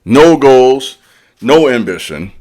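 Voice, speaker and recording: Speaking slowly in a sing-song, slightly mellow voice of medium pitch, this man gives a preachy motivational monologue as a spiritual leader and channel host. His talk is blunt and slangy, and he addresses the listener head-on, repeating lines to drive points home.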